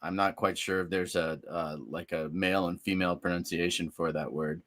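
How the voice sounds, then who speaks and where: A man with a fairly low voice co-hosts a casual sports podcast. He reads out event listings and keeps breaking into amused asides. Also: level tone, brisk, fairly bright tone, no room sound, studio quality. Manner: jokey, laughs while reading event details. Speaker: podcast co-host.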